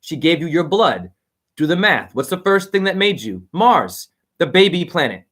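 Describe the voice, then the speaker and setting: A man's voice: fairly high pitch, big pitch swings, normal speed, a bit bright. A man giving a rambling, profane, preachy livestream monologue while reading out viewer comments.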